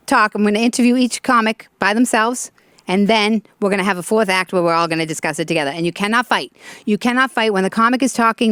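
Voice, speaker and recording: A woman hosting a talk show with an animated, chatty stand-up delivery, laughing often. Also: mid-range voice, clean tone, no echo, studio quality.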